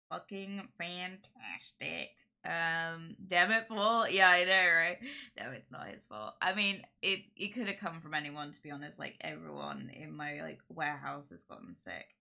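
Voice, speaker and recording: A woman's voice: low voice, creaky, sharp tone. Nasal, congested woman streamer. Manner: chatty and rambling, lots of "like" and "um". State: sick with a cold, congested. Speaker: live streamer. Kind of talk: casual live-stream chat with viewers.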